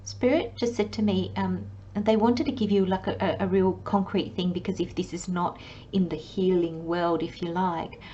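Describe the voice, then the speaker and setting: A woman giving a channelled tarot reading in a soft, dreamy way, often dropping into a hushed whisper. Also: fairly low pitch, steady tone, moderate pace, muffled recording, a little hiss or hum. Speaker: tarot reader.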